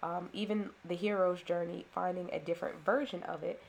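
A woman's voice: lowish voice, steady tone, fairly quick, vocal fry, a little mellow. A woman, a mother and former teacher, telling a personal story in an earnest, reflective way. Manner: earnest, reflective, with restarts and fillers.

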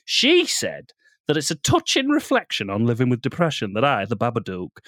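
Casting: a man playing a boastful worm-loving monster, hammy put-on Aussie, wildly swooping pitch, dry close mic. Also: no room sound, natural voice. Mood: mocking. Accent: put-on Australian. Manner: swaggering, crude, breaks into laughter. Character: the Babadook, tall male monster obsessed with worms. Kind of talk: comedy podcast character bit.

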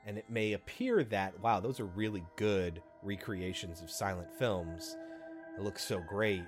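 A man co-hosting a podcast, chatting casually about a film in an animated, profane way with quick asides. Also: fairly low pitch, music in the background. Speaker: podcast co-host.

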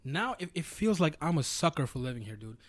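A New man talks quickly and a bit high, spinning animated stories and swearing freely. His voice sits close and dry on the mic, with no room around it. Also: no room sound. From New York. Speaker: podcast co-host. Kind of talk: casual chat.

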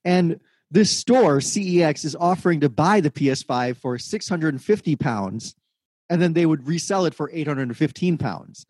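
A man's voice: on the high side, animated, normal speed, darkish tone, husky, no echo, rough recording. A man hosting a casual podcast chat, setting up a news story and reading out quotes. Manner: reads news quotes aloud, slips into put-on accents. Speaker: podcast host.

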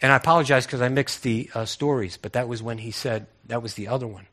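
A man's voice: mid-range voice, fast talker, a bit bright. A man preaching a sermon in a conversational way, asking many rhetorical questions and often restarting his words.

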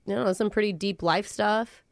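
A woman's voice: mid-range voice, moderate pace, no room sound. A woman co-hosting a morning radio show, playful and laughing in casual banter at a studio microphone.

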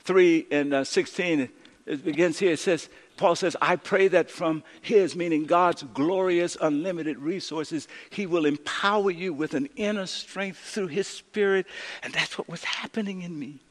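A man preaching a sermon as pastor, swinging from loud, urgent lines to hushed, slow ones. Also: on the high side, big-room sound.

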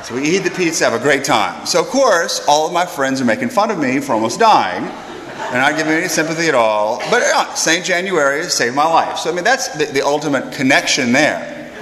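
A young man, a priest, giving a homily as an animated story, acting out the voices of the people in it. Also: a little high, brisk, a crowd in the background. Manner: animated storyteller who acts out quoted voices. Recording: roomy hall echo.

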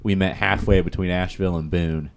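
Male, low-pitched, rambling storyteller for casual podcast talk. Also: steady tone, brisk, gravelly. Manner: rambling storyteller, lots of fillers and "he's like". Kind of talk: casual chat.

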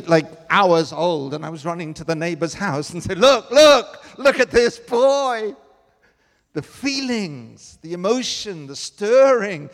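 An older man preaching a sermon, telling personal stories with emotion that swings from loud to hushed. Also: high voice, in a large hall.

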